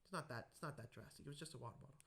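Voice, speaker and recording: A man hosting a podcast, telling anecdotes in a casual, animated way and acting out the voices in his stories. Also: mid-range voice, very fast. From United States. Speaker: podcast host. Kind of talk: casual conversational storytelling.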